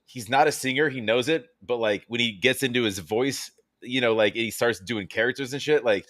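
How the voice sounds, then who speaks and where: A man's voice: mid-range voice, normal speed, fairly bright tone, no echo, studio quality. A man co-hosting a live stream in casual chat, rambling with lots of fillers and swearing. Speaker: co-host.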